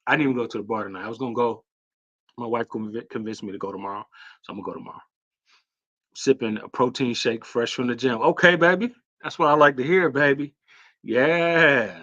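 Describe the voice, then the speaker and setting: A man hosting a casual livestream Q&A, talking loosely and with hype, with lots of fillers and shout-outs to viewers. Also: medium pitch, muffled recording. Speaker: host.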